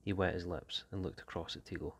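Teacher guy reading a story out loud, real low voice, steady pace. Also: fast talker, creaky, husky. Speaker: English teacher. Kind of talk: reading a short story aloud.

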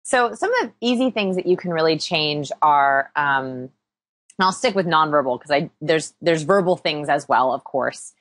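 A woman's voice: sits low, animated, moderate pace, a bit bright, dry recording. A woman guest in a conversational interview, explaining with upbeat energy and self-deprecating humor. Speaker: interview guest, people-skills researcher.

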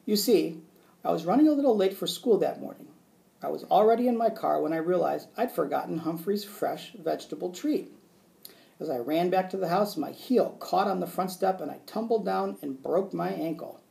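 A man's voice: high voice, animated, normal speed, creaky, a little mellow, full character voice. A man voicing a cheerful woman teacher. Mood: explaining. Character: kind grown woman teacher, warm and cheerful.

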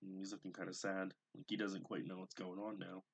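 Low, husky man reading a picture book. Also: fairly quick. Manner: gentle, expressive picture-book reading with asides. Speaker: teacher reading to young children. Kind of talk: read-aloud storytelling.

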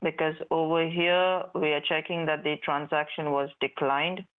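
Flat-voiced man over a tinny phone line. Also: on the high side, normal speed, clear, resonant tone. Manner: evasive, stalling, repetitive. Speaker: phone scammer posing as support agent.

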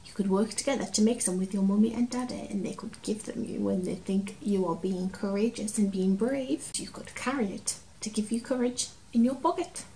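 A woman reading a picture book aloud to children, expressive, dramatic and gentle. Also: mid-range voice, normal speed, hardly any pauses, a little hiss or hum. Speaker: children's storyteller. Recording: roomy, distant from mic, faint ambience.

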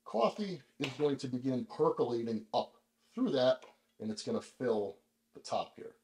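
A man hosting a casual video, explaining things in a relaxed, chatty way with lots of fillers, speaking in a kitchen. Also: medium pitch, normal speed, roomy sound, slight background noise, rough recording. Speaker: vlog host. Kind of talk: casual demonstration.

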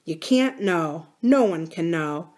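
A man's voice: on the high side, lively intonation, takes it slowly, darkish tone. A woman reading the part of an earnest, troubled young man who speaks in a confiding way.

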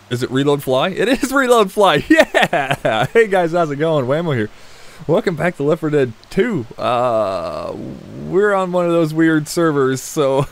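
A man hosting a gameplay video, chatting casually, laughing often and muttering at other players. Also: fairly high pitch.

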